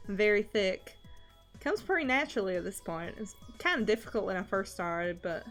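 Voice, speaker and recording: A woman's voice: mid-range voice, a bit bright. Rambling woman chatting on stream. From Scotland. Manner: rambling, laughs often between thoughts. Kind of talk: casual chat while drawing on stream.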